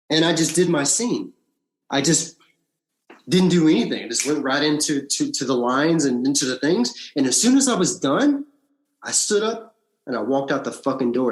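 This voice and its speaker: A man, an actor and podcast guest, telling his story in a casual interview, with blunt, animated retelling and free swearing. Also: a little high, a little hiss or hum. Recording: roomy echo.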